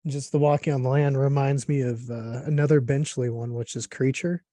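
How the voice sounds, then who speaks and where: A man hosting a casual interview, talking in a relaxed, rambling way with lots of fillers. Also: mid-range voice, normal speed. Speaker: podcast host.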